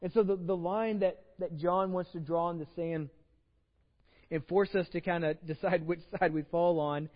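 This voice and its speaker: Texan preacher guy, fairly high voice, chatty sermon, stumbles and repeats words, muffled echoey church sound. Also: fairly even intonation, normal speed. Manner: conversational, repeats words when starting phrases. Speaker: pastor. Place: church sanctuary.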